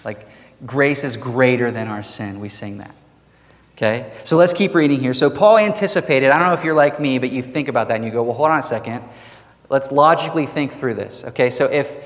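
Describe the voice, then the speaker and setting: A man preaching a sermon as pastor, animated and emphatic, with rhetorical questions to the congregation. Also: medium pitch. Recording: long hall reverb.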